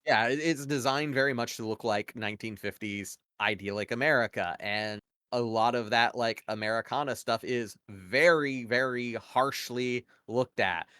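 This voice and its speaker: A man's voice: mid-range voice, moderate pace, bright, forceful tone, smooth, dry recording, clean studio sound. A man co-hosting a podcast, talking casually and at length, arguing his opinions with many "like" and "you know" fillers. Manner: rambling, heavy use of "like" and "you know" fillers; opinionated, argues points at length. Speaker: podcast co-host. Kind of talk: casual conversational analysis.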